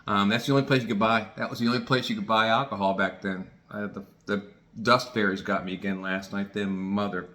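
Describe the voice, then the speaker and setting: A man's voice: fairly low pitch, fairly even intonation, fairly quick, pushed and bright. A man in his sixties telling rambling personal stories to his viewers, folksy and digressive, swearing casually. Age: 60s. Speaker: vlogger.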